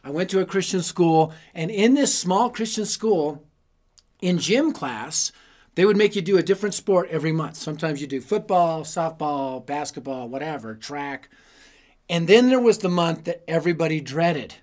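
High-voiced man preaching with comic stories. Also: normal speed. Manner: animated, self-deprecating, punchy comic timing. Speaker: youth ministry preacher. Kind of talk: humorous storytelling sermon.

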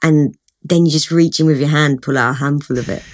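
A woman guest on a podcast, telling stories in an animated, giggly way during casual chat. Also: sits low, a little fast.

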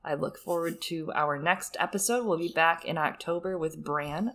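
A young woman co-hosting a book podcast, playful and enthusiastic, swearing casually as she chats and wraps up the episode. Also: low voice. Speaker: podcast co-host. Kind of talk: casual chat and show sign-off.

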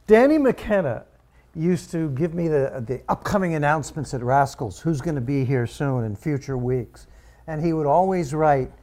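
A man's voice: on the high side, lively intonation, normal speed, warm tone. A man hosting a casual interview chat, asking curious, prodding questions. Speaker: podcast host.

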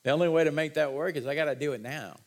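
A man preaching a sermon as pastor, folksy and animated, his voice rising in excited bursts. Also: on the high side, fast talker.

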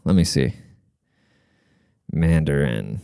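Profane, rambling young man with a lively voice. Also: very deep voice, slow pace, vocal fry, clear, resonant tone, dry recording, clean studio sound. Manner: looks things up mid-talk. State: short of breath at times. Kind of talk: casual rant.

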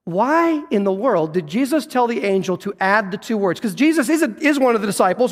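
A man preaching a sermon as pastor, earnest, dropping low and soft to stress a point. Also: expressive, a little fast, big-room sound.

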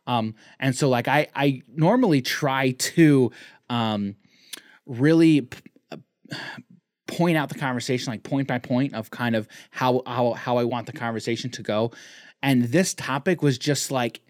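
A man with a mid-range, unhurried voice co-hosts a casual podcast, speaking in loose, rambling sentences full of restarts and fillers. The recording is dry, with clean studio sound.

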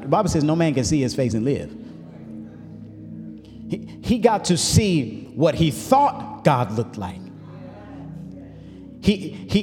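A male pastor preaching a sermon, building up to shouts, with folksy asides. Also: a little high, in a large hall.

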